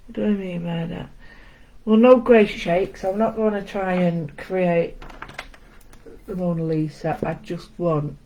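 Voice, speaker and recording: A woman's voice: on the low side, fairly even intonation, measured pace, mellow, slight background noise, poor audio. A woman hosting a casual live-stream art lesson, chatting, greeting viewers by name and making self-deprecating asides. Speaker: art session host. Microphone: home setup with camera.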